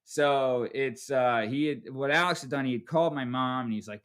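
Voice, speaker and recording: A man's voice: medium pitch, normal speed, hardly any pauses, a bit bright. A man hosting a podcast, telling a story casually and profanely, tagging lines with "right?". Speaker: podcast host.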